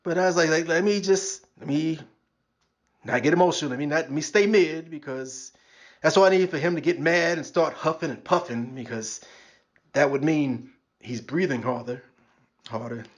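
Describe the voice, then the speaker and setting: A man's voice: fairly high pitch, moderate pace. A man, hosting his podcast as a sarcastic comedic rant and acting out the people he mocks. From New York. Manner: wry, sarcastic, acts out quoted voices. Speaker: podcast host. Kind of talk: stand-up style comedic rant.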